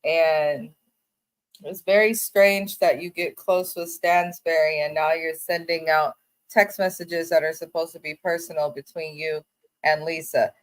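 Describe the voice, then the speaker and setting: A woman's voice: low-pitched, steady tone, a little slow. A woman co-hosting a reality TV recap, giving firm, opinionated takes in casual talk. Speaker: co-host.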